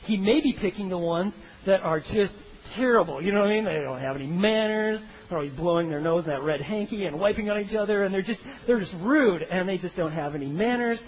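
A man delivers a sermon with a bright, high voice that swings widely as he jokes through the story. The recording is dull and lo-fi, with a faint hiss underneath. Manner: animated, comic, acts out biblical characters in funny voices. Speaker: pastor.

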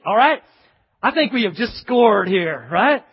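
Male pastor, animated storyteller, slightly husky, long hall reverb. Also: high-pitched, a little fast. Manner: animated storytelling, acting out voices. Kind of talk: sermon. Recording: dull echoey hall.

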